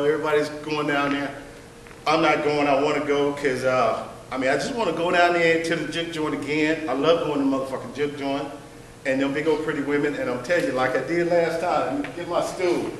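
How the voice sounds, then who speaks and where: A man's voice: fairly high pitch, fairly quick. Man, stand-up comic, profane, brash, distant mic, faint background hiss. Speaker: comedian in a workshop. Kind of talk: stand-up set. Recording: echoey room, distant mic.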